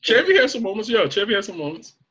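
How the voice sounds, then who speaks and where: A man's voice: sits high, big pitch swings, quick pace, a bit bright, slightly rough, dull audio. A man chatting casually as co-host, cursing freely, laughing often and acting out movie lines. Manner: profane, laughs a lot, acts out movie quotes. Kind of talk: casual chat.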